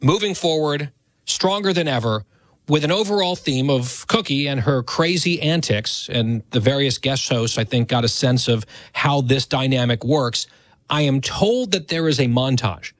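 A man's voice: medium pitch, lively intonation, moderate pace, no echo. A man in his thirties hosting a radio talk show, speaking in a conversational, self-deprecating way.

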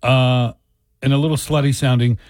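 A man's voice: mid-range voice, steady tone, normal speed, a little mellow, dry recording, studio quality. A man co-hosting a casual chat, laughing easily and bantering in an easygoing way. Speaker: co-host.

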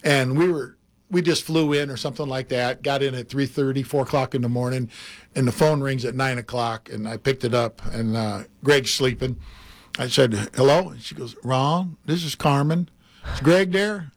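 An older man, a former baseball player, telling animated anecdotes in casual chat and laughing often. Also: mid-range voice, normal speed.

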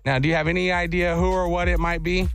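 A high-pitched man hosts a radio show, telling a story with lots of animation and playful silly voices. A faint music bed sits underneath him. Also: little pitch movement, fast, fairly bright tone. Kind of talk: casual morning show banter.

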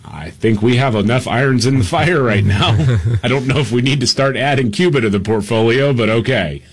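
Male radio co-host, husky, laid-back headline reading with filler pauses. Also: medium pitch. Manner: laughs often, many "uh" pauses while reading headlines. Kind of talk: casual radio talk. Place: radio studio.

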